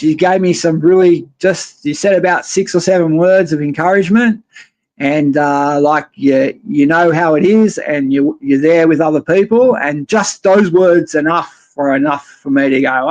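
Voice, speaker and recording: An Australian man speaking a little higher than most men, rambling freely and bluntly as he tells his own story. His talk is casual and full of swearing, like a caller on a live stream chat. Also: moderate pace. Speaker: guest caller.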